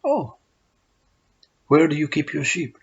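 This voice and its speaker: A friendly young shepherd, played by a man in a spoken parable, polite and chatty. The voice is husky and breathy, with a muffled, lo-fi recording. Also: a little high, very animated, slow, exaggerated voice. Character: friendly new male shepherd neighbor. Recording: dull lo-fi recording.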